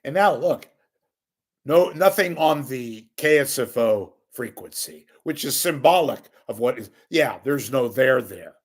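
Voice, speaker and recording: A man's voice: mid-range voice, lively intonation, a little slow, slightly rough. An older man giving a sarcastic, scornful solo rant as a media commentator, swearing freely.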